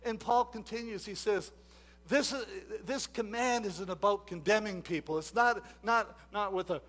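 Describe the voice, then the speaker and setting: Preaching unhurriedly, this man has a high, bright-toned voice. His sermon drifts between quiet asides and loud, forceful exhortation, with frequent repetitions and restarts.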